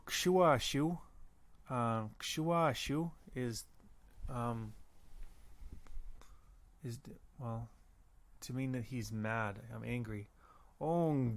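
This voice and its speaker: A man teaching a language lesson, slowly repeating words and pausing to think. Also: medium pitch. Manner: slow, careful, repeats words with pauses. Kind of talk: recorded audio lesson.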